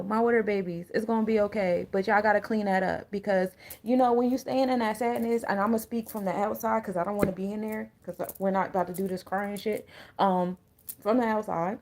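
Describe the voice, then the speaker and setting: A woman's voice: mid-range voice, steady tone, a little fast, darkish tone. A woman, an energy coach and tarot reader talking casually to her viewers, blunt and full of slang and joking asides. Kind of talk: casual spiritual reading to viewers.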